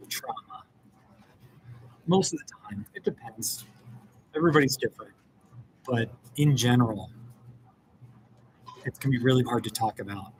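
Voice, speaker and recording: Rambly american guy doing a casual home livestream, mid pitch, faint room hum behind him. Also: a bit bright, low-quality recording. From United States. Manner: rambling, chatty, with self-interrupting restarts and laughs. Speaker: therapist hosting a live stream. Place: home in a small rural mountain town.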